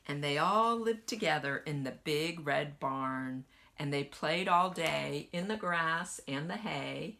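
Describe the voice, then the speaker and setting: A woman kindergarten teacher gently reading a picture book aloud to children and asking them questions as she goes. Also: low-pitched, creaky. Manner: slow, lively sing-song storytelling.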